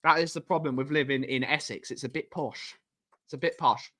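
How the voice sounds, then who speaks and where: A young man hosts a casual live stream, his voice bright and forward. He rambles from one thought to the next and answers viewers by name as their comments come in. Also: fairly high pitch, a little fast. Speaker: livestream host reading chat.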